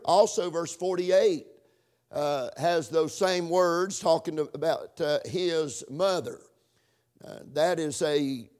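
A man preaching a sermon and praying, halting with fillers, stretching key words and rising in pitch for emphasis. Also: a little mellow. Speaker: pastor.

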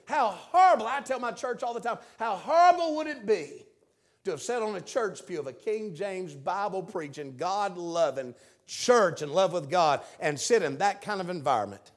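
A man preaches in church with a strikingly high-pitched voice. He delivers a fervent revival sermon, moving from hushed, low asides to loud shouted appeals to the congregation. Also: animated, normal speed.

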